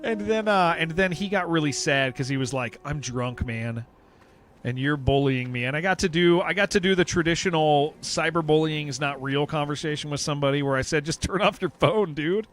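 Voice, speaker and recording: A man's voice: a little high, brisk, hardly any pauses, fairly bright tone. A man streaming a game, chatting casually with viewers in a rambling, joking way and laughing often. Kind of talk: casual livestream chat while playing.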